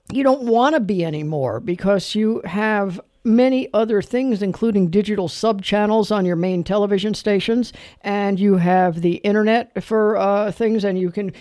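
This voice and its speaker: A man's voice: high voice, darkish tone, no echo, clean studio sound. A middle-aged man hosting a late-night call-in radio show, talking candidly and rambling with many fillers and restarts. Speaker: radio talk show host.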